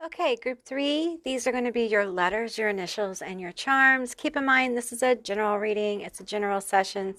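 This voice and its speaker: A woman's voice: medium pitch, fairly bright tone, no room sound. Sassy woman tarot reader, dry sound. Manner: sassy and salty, calls viewers honey, laughs often. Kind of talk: casual pick-a-card tarot reading.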